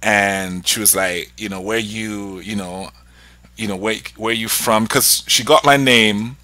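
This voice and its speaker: Bright-voiced man telling animated stories. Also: on the low side, a little slow, dry recording. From Nigeria. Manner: animated storytelling, acting out quoted voices. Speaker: podcast co-host. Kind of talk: casual chat.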